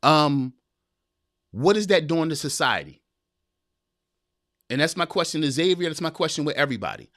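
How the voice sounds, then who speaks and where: A man hosting a live podcast, talking straight to his viewers and reading their chat, animated and preachy, repeating his phrases. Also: on the high side, normal speed, long pauses, dry recording, studio quality. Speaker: podcast host.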